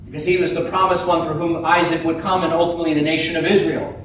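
High-voiced preacher in an echoey church. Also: male voice, fast, slight background noise. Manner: animated preaching, acting out biblical dialogue. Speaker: pastor. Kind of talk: sermon. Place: church sanctuary. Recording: echoey church from a distant mic.

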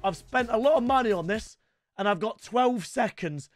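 A young man doing loud, sweary gaming commentary for his viewers. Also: high voice, animated, moderate pace, soft background music. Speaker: gaming YouTuber.

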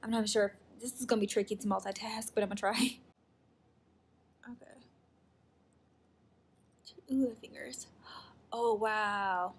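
A woman's voice: mid-range voice, fairly even intonation, unhurried, long pauses, husky. A young woman vlogging casually as she tries a skincare test, gasping, exclaiming and often dropping to a whisper. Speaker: YouTuber. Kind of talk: casual vlog narration while doing a skincare test.

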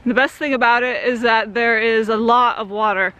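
In a muffled recording, a young woman from Central Arizona vlogs casually beside a creek swimming hole, rambling and using lots of fillers. Her voice is fairly high and a bit bright, with a steady tone and a brisk pace.

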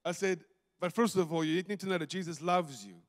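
A South African pastor preaches in a fairly high voice, telling stories and swinging from loud bursts down to near-hushed moments. The sound carries the long reverb of a church hall. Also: male voice, a little fast. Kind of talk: sermon. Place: church sanctuary.

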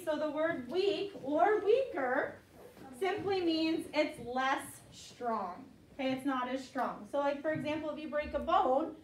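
A woman's voice: sits high, slight background noise. A woman teaching children a vocabulary lesson, patiently drilling each word in call-and-response and repeating it often. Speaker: elementary school teacher. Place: classroom with children. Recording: echoey room, voice from far off.

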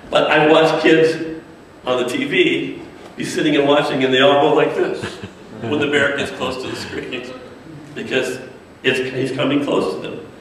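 A man's voice: a little high, moderate pace, crowd noise. A man giving a casual talk to an audience about designing media for children, acting out the voices of kids and characters as he goes. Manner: animated, acts out kids' and characters' voices. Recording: echoey distant room recording.

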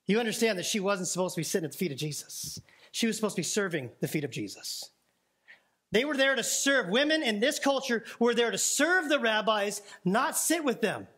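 A man's voice: high voice, expressive, fairly quick, sharp tone, husky. A man preaching a sermon as pastor, in a conversational, playful way that asks questions of the congregation. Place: church sanctuary.

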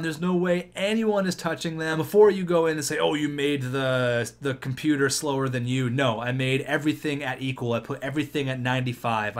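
A man giving excitable gameplay commentary on a hockey video game, shouting at the big plays. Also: mid-range voice. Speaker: gaming YouTuber.

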